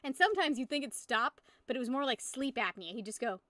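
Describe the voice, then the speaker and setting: Woman streamer, twenties, high voice, casual rambling chat, laughs a lot, curses, dry room. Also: sing-song, quick pace, bright, forceful tone, no echo. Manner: rambling, giggly, swears freely.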